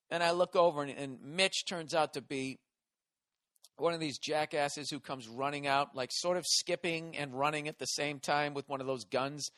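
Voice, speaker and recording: A hoarse man hosting a podcast, delivering a profane, exasperated comedic rant. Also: medium pitch, a bit bright, no echo, clean studio sound. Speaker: podcast host.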